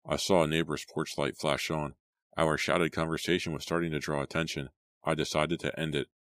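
A man narrating an audiobook in a steady, dramatic storytelling manner. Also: very deep voice, a little fast, dry recording. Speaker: audiobook reader.

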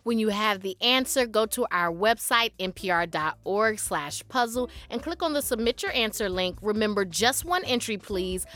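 Upbeat, lively woman radio host. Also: medium pitch, moderate pace, few pauses, soft background music. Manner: upbeat, laughing easily. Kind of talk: scripted radio hosting and friendly puzzle banter. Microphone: studio microphone.

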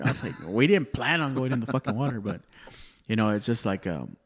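A man in his thirties with a twang rambles through a story in a relaxed podcast chat. He curses freely, restarts his sentences and keeps tossing in "dude". His voice sits at an ordinary middle pitch. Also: fairly quick, breathy edge. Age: 30s. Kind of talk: casual chat.

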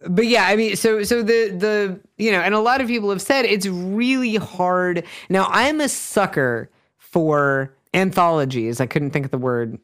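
A podcaster in casual film talk, halting with fillers, then warming up with enthusiasm. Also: mid-range voice, clean tone. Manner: hesitant, filler-heavy, enthusiastic.

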